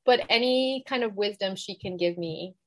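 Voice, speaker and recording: A woman's voice: mid-range voice, moderate pace, fairly bright tone. Earnest woman in her thirties, reflective. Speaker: podcast guest, dietitian. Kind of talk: casual interview chat.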